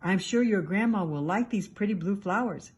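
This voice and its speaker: A woman's voice: mid-range voice, moderate pace, a little mellow, close to an everyday voice. A woman voicing a sly, hungry big bad wolf from a children's storybook, coaxing and sweet-talking. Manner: smooth and coaxing, then growling.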